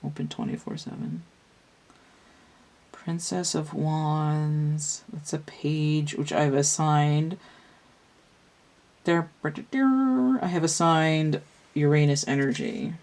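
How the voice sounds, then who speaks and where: A woman's voice: low voice, drawn-out words, darkish tone. A young adult woman talking casually through a tarot reading, thinking aloud in a meandering way with restarts. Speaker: tarot reader.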